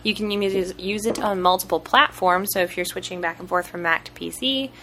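A woman co-hosting a podcast in casual chat, explaining things at length with frequent "um" pauses. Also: fairly low pitch, a bit bright, a little hiss or hum. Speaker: podcast co-host.

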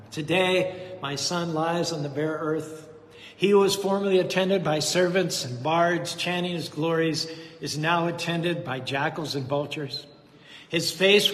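A man's voice: fairly high pitch, fairly bright tone. A man voicing a noble warrior father grieving his slain son, in formal, lamenting speech. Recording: echoey hall, faint noise.

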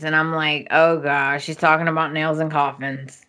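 Low-pitched and speaking at a normal speed with few pauses, a woman hosts a podcast recapping a soap opera. Her casual chat is animated, with the characters' lines acted out as she goes.

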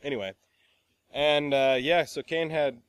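A man's voice: on the high side, steady tone, a little slow, clean tone, no room sound. Young male podcast co-host, teasing, crude humor, dry recording. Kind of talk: casual chat, teasing banter.

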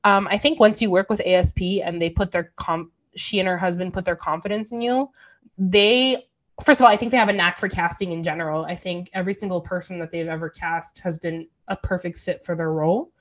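Woman podcast co-host, low-pitched, eager and opinionated, filler-heavy chat. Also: steady tone, fairly quick. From Canada. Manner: enthusiastic, opinionated, many fillers.

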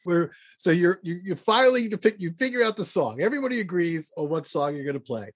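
A man's voice: high-pitched, sing-song, brisk, dry recording, clean studio sound. A man hosting a podcast interview, chatting casually and enthusiastically with his guest. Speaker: podcast host.

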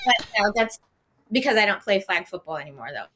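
A woman guesting on a podcast, tossing in quick, short joking replies. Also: medium pitch, very animated, fairly bright tone. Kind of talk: casual podcast chat.

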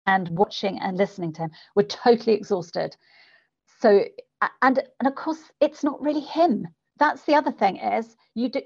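Expressive woman speaking coach, lo-fi audio. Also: creaky. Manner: expressive, swings pitch and volume to demonstrate delivery. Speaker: public speaking coach, guest. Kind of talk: conversational interview. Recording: dull lo-fi podcast audio.

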